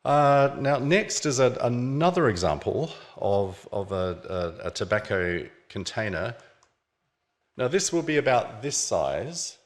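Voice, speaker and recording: A man's voice: medium pitch, very animated, a little slow. A man giving an illustrated lecture at a book launch, explaining objects on his slides in a casual, conversational way. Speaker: author presenting his book. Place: museum event venue.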